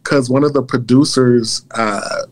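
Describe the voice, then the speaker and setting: A man chatting as a guest, playful and animated, often breaking into laughs. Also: medium pitch, measured pace, noisy background. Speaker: guest, former pro dance team member. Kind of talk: casual chat.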